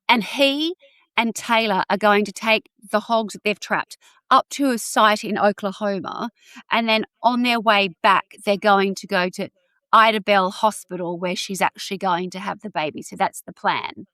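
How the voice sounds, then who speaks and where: A woman hosting a podcast, telling a true-crime story in a chatty, animated way with many asides. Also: mid-range voice, dry recording. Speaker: podcast host.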